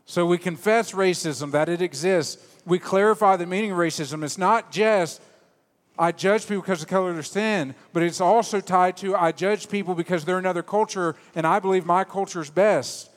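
A man preaching a sermon in a church, animated and joking, then dropping to quiet, low emphasis. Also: brisk, big-room sound. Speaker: pastor. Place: church sanctuary.

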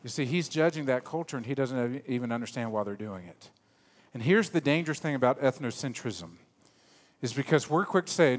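A man preaching a sermon in a church, animated and joking, then dropping to quiet, low emphasis. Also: normal speed, in a large hall. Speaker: pastor. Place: church sanctuary.

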